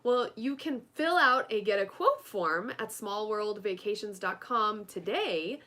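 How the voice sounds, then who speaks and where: A woman's voice: mid-range voice, unhurried. A woman co-hosting a podcast, reading sponsor messages and show plugs in a casual, upbeat way. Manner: upbeat, lively promotional delivery. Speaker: podcast co-host.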